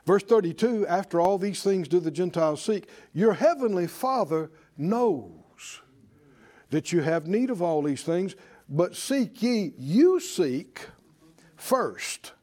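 A high-voiced preacher moves at a measured pace through an animated sermon. He prompts the congregation to answer him and plays out worried voices.

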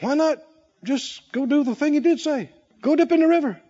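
A man's voice: extremely high pitch, moderate pace, lo-fi sound. A man preaching a sermon, telling stories dramatically and acting out the voices of the people in them. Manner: dramatic storytelling, acting out voices, shouting peaks.

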